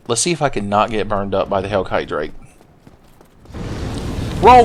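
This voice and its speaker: A man's voice: lowish voice, sing-song, moderate pace, long pauses, darkish tone, a little hiss or hum. A man giving crude, joking let's-play commentary while gaming, slipping into silly voices for game characters. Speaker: gameplay commentator.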